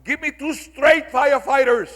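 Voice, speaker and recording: Fields: a man playing a frantic shouting homeowner. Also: very high-pitched, moderate pace, pitched above the performer's own voice. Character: panicky man shouting at firefighters, middle-aged, bigoted. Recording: long hall reverb.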